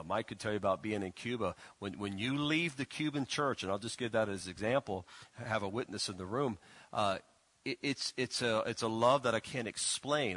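This pastor's voice sits fairly low with a slightly bright edge, and the recording carries no room sound. Preaching informally in church, he teases his listeners in a folksy way while constantly restarting, tripping over words and filling pauses.

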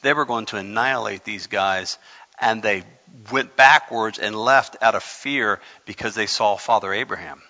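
A male pastor delivering a sermon with a bright, forceful voice. He stumbles over repeated words, then surges loud to drive a point home. The sound is dull and carries a long hall reverb. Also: on the low side, normal speed. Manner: animated preaching with repeated words and sudden loud emphasis.

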